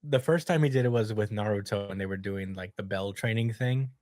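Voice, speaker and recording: A man's voice: lowish voice, a little fast, a little mellow, dry recording, clean studio sound. A man hosting a podcast in casual chat, retelling scenes with easy laughs. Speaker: podcast host.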